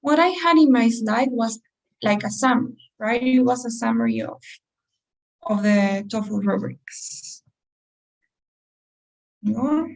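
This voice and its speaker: A woman's voice: a little high, takes it slowly, pauses often, a little mellow, recorded from a distance, rough recording. A woman teacher giving a class lecture to her students, explaining step by step with many rhetorical questions.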